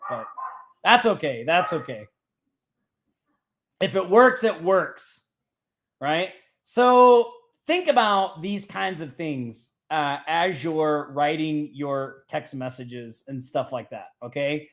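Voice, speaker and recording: Chatty high-voiced man hosting a live show. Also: lively intonation, slow pace, a bit bright. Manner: chatty, reads example texts aloud, talks to chat by name. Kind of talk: casual screen-share teaching.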